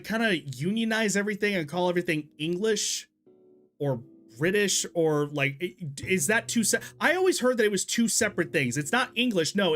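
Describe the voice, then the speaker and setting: A young man with a high voice whose pitch swings widely as he chats during a live game stream. He laughs often and breaks into startled exclamations, loose and conversational. Faint music plays behind him. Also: fairly bright tone. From Texas, USA. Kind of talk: casual live-stream commentary while gaming and reading chat.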